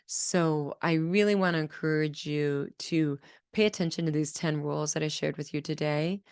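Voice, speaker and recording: A woman's voice: deep voice, no echo, studio quality. A woman speech-language pathologist teaching on a podcast, talking earnestly and sounding out children's babble as examples. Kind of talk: educational podcast talk.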